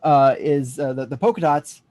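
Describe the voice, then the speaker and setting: A man running a tabletop game as game master, narrating with many pauses and fillers. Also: mid-range voice, mellow, dry recording. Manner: halting, filler-heavy narration.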